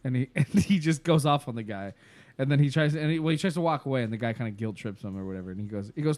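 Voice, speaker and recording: A man's voice: medium pitch, fast talker, a little mellow. A man co-hosting a podcast in casual chat, retelling a show scene in a rambling way with lots of fillers and laughs. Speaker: podcast co-host.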